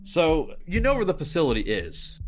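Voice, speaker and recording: A man narrating as game master, relaxed and explanatory as he sets the scene. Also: a little high, normal speed, over music.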